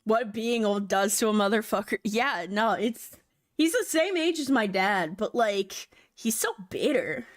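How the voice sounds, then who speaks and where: A woman's voice: medium pitch, expressive, measured pace. A young woman live-streaming, chatting loosely with her viewers, rambling and swearing casually into a desk mic.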